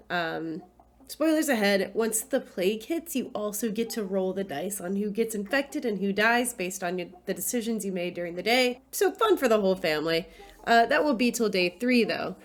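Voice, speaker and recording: A woman giving gameplay commentary, excitable and swearing freely, breaking into frustrated yells, then calmly explaining in a recap. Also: mid-range voice, moderate pace. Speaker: gaming YouTuber.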